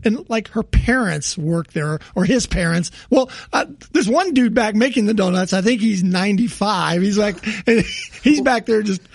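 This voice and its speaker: A man co-hosting a podcast in easy, rambling chat, breaking into laughter now and then. His voice sits high with a gravelly edge, recorded close and dry. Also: animated, moderate pace, few pauses, no room sound. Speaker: podcast co-host. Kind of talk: casual chat.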